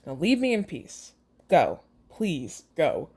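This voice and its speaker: A woman's voice: deep voice, huge pitch swings, slow pace, mellow, husky, exaggerated voice. A woman reading as a scornful young rich man. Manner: read aloud plainly.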